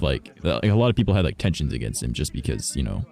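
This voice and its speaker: A man's voice: a bass voice, very animated, fast, creaky, warm tone. A man from Canada, a streamer, rambling through a story in casual chat and swearing freely. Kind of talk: casual chat while gaming.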